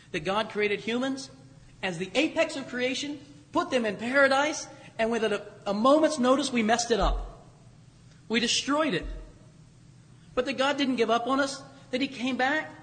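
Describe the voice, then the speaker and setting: A high-pitched male preacher delivers a sermon in a church, emphatic and repeating key phrases, slowing down for weight. His voice rolls out with a long reverb across the sanctuary. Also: a bit bright.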